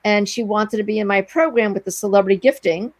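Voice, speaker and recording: Animated woman telling a story. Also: mid-range voice, quick pace, no room sound. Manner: animated, breathless anecdote telling with quoted dialogue. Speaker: guest, entrepreneur. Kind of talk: storytelling in a casual interview.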